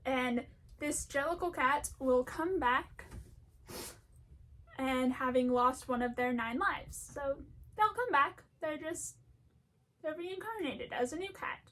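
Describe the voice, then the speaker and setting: A young woman with a high, light voice talks in a loose, rambling way. She stays chatty and animated and laughs often as she goes. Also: takes it slowly, long pauses. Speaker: video essayist. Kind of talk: rambling casual commentary.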